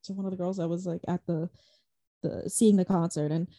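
A woman's voice: on the low side, steady tone, brisk, dark tone, no echo. A young woman telling a concert story in casual chat, rambling, saying "like" a lot, swearing and laughing often. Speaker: podcast co-host.

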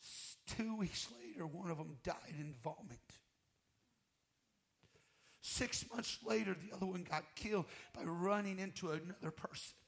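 A male guest minister preaching a sermon, telling his own story with emotion, swinging from fervent loud passages to hushed near-whispers. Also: sits high, measured pace, creaky. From United States. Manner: emotional testimony, voice rising to loud fervor and dropping to near-whisper.

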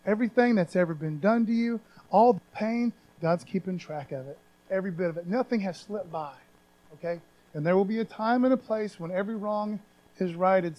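This man has a high, somewhat mellow voice, and the recording sounds lo-fi. He preaches a sermon in a conversational yet emphatic style, often tossing in "man" and raising his voice whenever he reads scripture aloud.

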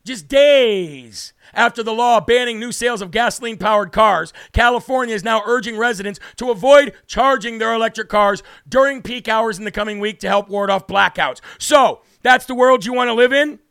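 A man with a high, bright voice and a gravelly edge tears through a political commentary as host, mocking and indignant. His sound is close and dry, with no room around it. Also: normal speed, few pauses, dry recording. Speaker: political talk show host. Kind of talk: heated political commentary monologue.

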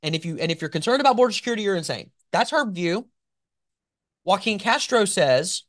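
Hosting a political commentary show, a man argues with sarcastic, animated emphasis and mocking asides, his pitch swinging widely. His delivery is brisk, and the recording sounds dry and close with no room sound.

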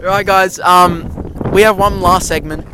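Slow, joking host outdoors. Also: male voice, high voice, fairly even intonation. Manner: playful, announcing segments in a mock-formal way. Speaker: podcast host. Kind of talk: joking outdoor podcast chat. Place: outdoors in a park. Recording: wind and background noise outdoors.

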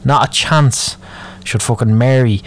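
A man's voice: mid-range voice, a little slow. Sweary Dublin man ranting. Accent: Irish, Dublin. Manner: moaning, sweary, rambling. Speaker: podcast host. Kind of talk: solo ranting podcast.

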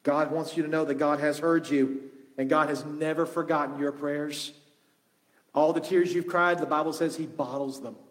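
A male pastor preaching a sermon, impassioned and shifting between loud emphasis and hushed asides. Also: fairly high pitch, fairly even intonation, normal speed. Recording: long reverb of a large hall.

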